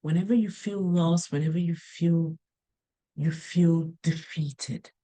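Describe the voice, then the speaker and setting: Slow-talking woman, earnest storyteller. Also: low voice, fairly even intonation, mellow. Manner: unhurried, earnest, storytelling with many restarts. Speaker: motivational speaker. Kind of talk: casual motivational talk.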